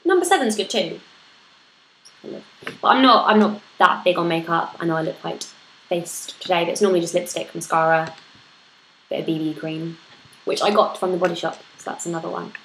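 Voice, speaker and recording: Chatting to camera for a parenting tag, a woman vlogger answers motherhood questions casually, often laughing at herself. She speaks at normal speed with frequent pauses, in a fairly low, fairly bright voice. Faint noise and echo fill the room.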